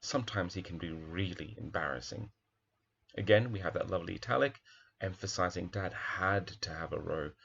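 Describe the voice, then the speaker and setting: A man's voice: low-pitched, gravelly, a bit bright, muffled recording. A male primary teacher talking through a children's picture book, reflective, with many fillers and restarts.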